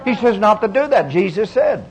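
A middle-aged preacher giving a folksy, emphatic sermon full of repeated phrases. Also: male voice, high voice, big pitch swings, normal speed, dull audio.

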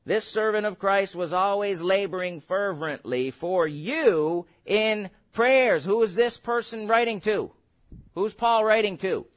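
Preacher, male, middle-aged, high-pitched, emphatic delivery that swings from quiet to shouting. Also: animated. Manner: emphatic, builds to shouted exhortations and quick asides. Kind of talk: sermon.

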